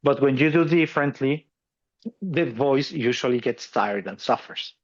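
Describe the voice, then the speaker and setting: A man's voice: medium pitch, expressive, moderate pace. Self-mocking man with a lo-fi sound. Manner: laughs often, self-deprecating. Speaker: podcast co-host. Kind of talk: casual explanatory chat.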